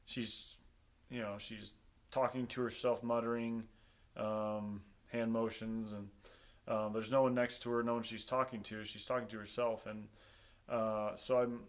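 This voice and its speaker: A man telling a personal story in a casual, halting way, with many pauses, ums and restarts. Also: lowish voice.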